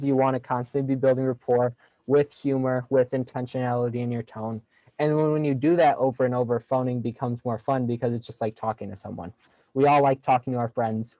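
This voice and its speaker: A man's voice: medium pitch, dark tone, dry recording, low-quality recording. A young man giving a casual sales training talk on a video call, upbeat and jokey, acting out phone lines as he explains them.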